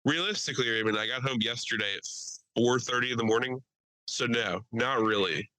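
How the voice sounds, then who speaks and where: A bright, forceful young man hosts a casual podcast. He talks loud, swears freely and laughs often. His voice sounds dry and close. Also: mid-range voice, brisk, no room sound, rough recording. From Delaware County, Pennsylvania. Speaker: podcast host.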